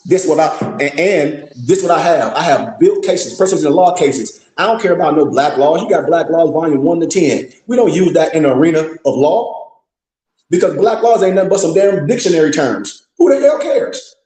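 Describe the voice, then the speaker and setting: Guy ranting at the crowd, blunt and cussing, bit high and mellow, echoey room. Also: animated, moderate pace. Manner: blunt, profane, scolding. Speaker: host of a live discussion. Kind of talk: impassioned lecture-style talk.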